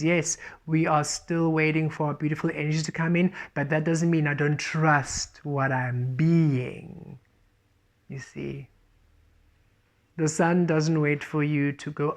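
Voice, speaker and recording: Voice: medium pitch, steady tone, slow pace. An earnest tarot reader with a mid-range voice talks through a spiritual reading. They circle back to the same points again and again. They often pass on guidance as quoted messages from spirit.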